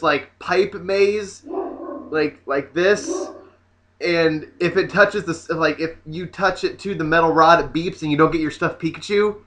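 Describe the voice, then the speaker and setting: A man vlogging in a casual comedic rant, sassy and animated with mocking asides. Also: on the high side.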